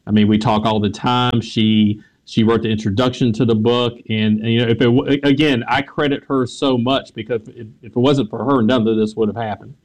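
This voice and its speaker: Southern US man, author guest, animated storyteller, mid pitch, prone to repeating himself. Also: a little fast, few pauses. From American South. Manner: animated, laughs often, repeats words. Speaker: author, history teacher. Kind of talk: interview storytelling.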